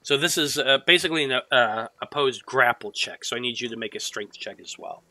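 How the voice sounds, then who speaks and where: A man narrating as game master with a bright, sharp tone. The sound is dry and close. He tells the scene loosely, swears freely and restarts his sentences. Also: medium pitch, fairly quick, no room sound, low-quality recording.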